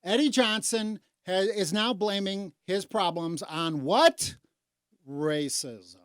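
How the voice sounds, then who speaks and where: A woman's voice: takes it slowly, no room sound. Woman talk radio host from Chicago, sarcastic and indignant, dry close sound. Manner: indignant, sarcastic, swings from low mutters to loud outbursts. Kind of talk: opinionated talk radio rant.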